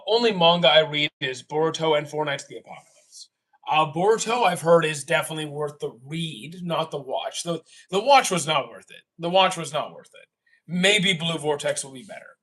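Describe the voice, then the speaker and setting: A man's voice: a little high, a bit bright, recorded from a distance. A young Canadian man chatting casually on a live stream, rambling and correcting himself mid-sentence with exasperated asides. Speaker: streamer answering chat.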